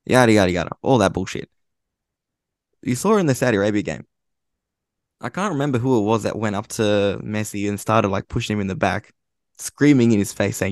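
A man's voice: on the low side, expressive, a little fast, long pauses, no room sound, studio quality. A man, a guest on a sports podcast, making blunt points in casual chat and swearing offhandedly. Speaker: football writer, podcast guest.

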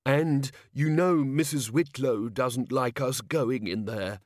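Dude reading an anxious careful wizard, worried tone, dry close audiobook. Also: male voice, mid-range voice, takes it slowly, dry recording, voice pushed up, natural voice. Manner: worried, cautious. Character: anxious, cautious male wizard.

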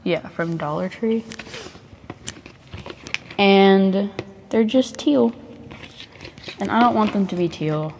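A woman's voice: medium pitch, takes it slowly, pauses often, darkish tone, a little hiss or hum. A young woman chatting casually in a crafting vlog while painting on her bed, rambling, profane and self-mocking, close to the mic. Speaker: vlogger.

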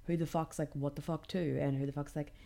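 Creaky-voiced woman ranting. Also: sits low, a little fast. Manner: swears a lot, many likes, animated and sarcastic. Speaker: podcast host. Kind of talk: casual ranting podcast monologue.

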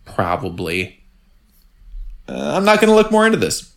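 A podcast co-host with a gravelly, fry-edged voice makes dry jokes through a casual recap. Their pitch swings in a lively way. Now and then they read things out loud. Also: normal speed. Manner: dry, joking, reads aloud.

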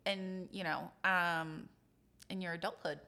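A woman co-hosting a podcast in casual chat, talking in a measured way with frequent pauses and ums. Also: lowish voice, fairly even intonation, pushed and bright. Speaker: podcast co-host.

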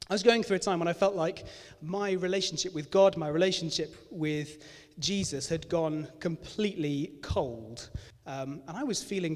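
A man giving a candid, self-deprecating sermon in a conversational manner, recorded in a church hall. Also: on the high side. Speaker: preacher. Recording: echoey hall reverb.

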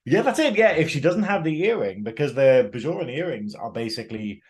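A man's voice: medium pitch, sing-song, brisk. Enthusiastic man from northern England. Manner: enthusiastic, laughs often, acts out characters' lines. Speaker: podcast co-host. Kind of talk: casual review chat.

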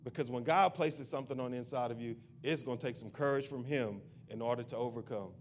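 A man's voice: mid-range voice, fast talker, a little hiss or hum. A male pastor preaching a sermon in a church. He repeats his point insistently and builds into a fervent prayer.

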